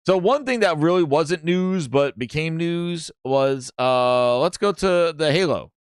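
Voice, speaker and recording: A man hosts a casual gaming news show, his voice a touch higher than most men's. He rambles and mocks, restarting his sentences as he goes. The sound is dry and close, with no room around it. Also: expressive, unhurried, clear, resonant tone, no echo. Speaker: gaming podcast host.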